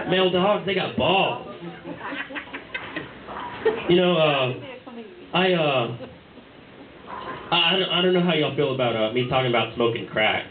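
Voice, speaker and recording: A man's voice: a little high, background noise. Young man doing stand-up in a bar. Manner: rambling, halting with restarts and fillers. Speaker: stand-up comedian. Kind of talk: stand-up set. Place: small bar stage. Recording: tinny, echoey amateur bar recording.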